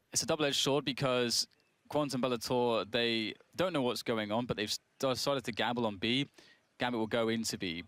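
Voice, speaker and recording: A man's voice: mid-range voice, fairly bright tone, no echo. A man giving thoughtful esports color commentary in a studio, hedging often with fillers. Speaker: esports analyst. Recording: noisy broadcast with game sounds.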